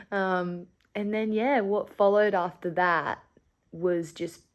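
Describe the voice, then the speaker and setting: A woman's voice: mid-range voice, steady tone, takes it slowly. A woman vlogger, chatting candidly to camera, full of "like" fillers and casual swearing.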